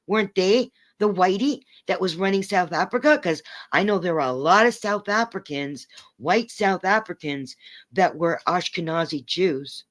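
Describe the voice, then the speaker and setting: A woman's voice: fairly low pitch, lively intonation, normal speed. A woman livestreaming, ranting angrily at her chat and swearing in a confrontational way.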